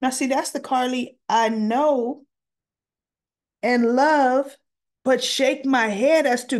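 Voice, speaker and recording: Slow-talking, chatty woman recapping a soap. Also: high voice. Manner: chatty and expressive, acts out quotes with laughs. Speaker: soap opera recap host. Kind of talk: casual episode recap vlog.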